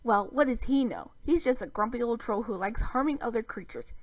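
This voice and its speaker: A woman's voice: a little high, expressive, brisk. A woman voicing a boastful alien boy invader who hisses and barks his lines imperiously. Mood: grumbling. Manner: hissing, imperious, shouty.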